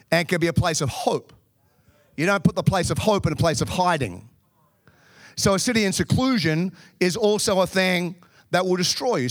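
A man with a high, slightly bright voice preaches a sermon, addressing the congregation and telling humorous personal stories. The audio is studio quality with no echo.

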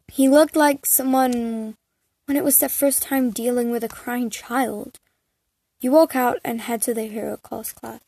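A woman reading fan fiction aloud in a halting way, often stumbling and restarting over the text. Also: a little high, a little mellow, husky, no echo. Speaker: reader.

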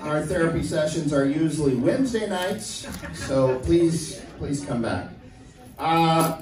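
A man's voice: a little high, expressive, takes it slowly, darkish tone. A man hosting an open mic, making wry announcements to close the night and introducing the next comic. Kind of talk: emceeing the end of an open mic. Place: comedy club stage. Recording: echoey club, distant mic, crowd behind.

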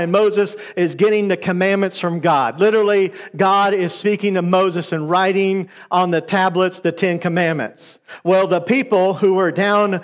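A man preaching a sermon, retelling a scripture story in a loose, conversational way with fillers. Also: high voice.

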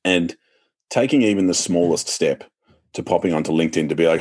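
Australian man, Sydney private-school accent, very low voice, podcast guest, articulate, laughs easily. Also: brisk, a little mellow. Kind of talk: casual podcast chat.

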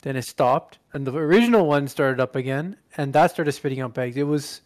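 A man's voice: mid-range voice, brisk. A man in casual chat, recounting a mishap in a laid-back, emphatic way.

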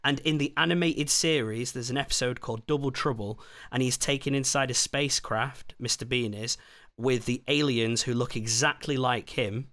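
A man's voice: medium pitch, fairly bright tone. A man co-hosting a casual film podcast, often restarting his sentences as he talks. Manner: halting, repeats words when starting. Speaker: podcast co-host. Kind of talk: casual film review chat.

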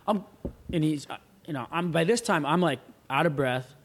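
Animated surfer man telling a story. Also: on the high side, brisk, slightly rough. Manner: animated, acts out quoted voices, swears freely. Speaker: guest. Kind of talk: casual storytelling.

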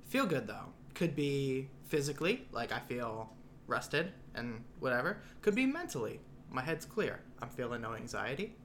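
A young man co-hosts a podcast in loose, casual chat, laying out his ideas in a dry, rambling, self-mocking way. His voice is bright and moves around a lot, and faint noise sits under it. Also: medium pitch, very animated, moderate pace. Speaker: podcast co-host.

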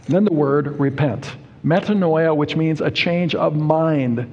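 A man preaching a sermon, explaining Bible verses word by word in a deliberate, emphatic way. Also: fairly high pitch, darkish tone, muffled recording. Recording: reverberant hall.

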